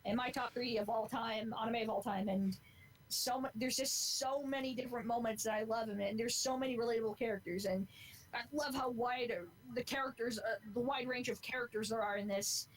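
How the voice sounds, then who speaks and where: A young woman in her twenties talking on a podcast, with a voice that sits a touch high. She rambles in an earnest, heartfelt way and swears freely as she goes, with a faint noise in the background. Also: fairly even intonation, fairly quick, poor audio. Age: 20s. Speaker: podcast co-host. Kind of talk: casual chat.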